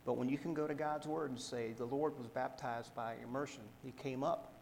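A man preaching a sermon, reading scripture aloud in a measured way and explaining it to the congregation. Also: medium pitch, steady tone, gravelly, a little mellow, long reverb tail, a little hiss or hum, poor audio. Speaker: pastor.

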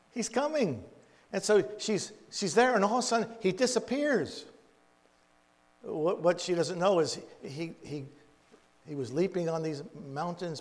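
A man preaching in a storytelling way, halting and repeating words, with folksy asides. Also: a little high. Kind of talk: storytelling Bible teaching. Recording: long echoey reverb.

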